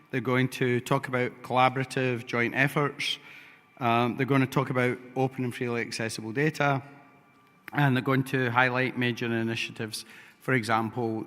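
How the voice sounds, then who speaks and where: A man's voice: medium pitch, fairly bright tone. Scottish guy introducing a panel, upbeat and jokey, mid voice, hall echo. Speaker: session moderator. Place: large conference hall. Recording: long hall reverb.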